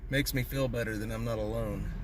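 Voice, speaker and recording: A man's voice: lowish voice, fairly even intonation, a little fast, slight background noise. A man chatting casually on a livestream from his parked car at a gas station, rambling and joking with viewers.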